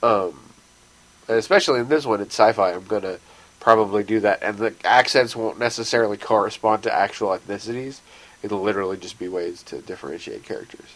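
A man's voice: fairly low pitch, fairly quick, a bit bright, rough recording. A man co-hosting a podcast in casual chat, dry, sarcastic and pedantic. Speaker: podcast co-host.

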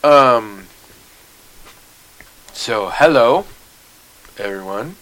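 A man's voice: medium pitch, animated, drawn-out words, bright, forceful tone, rough recording. A man co-hosting a podcast in casual chat, rambling and jokey, often trailing off into mumbles. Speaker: podcast co-host.

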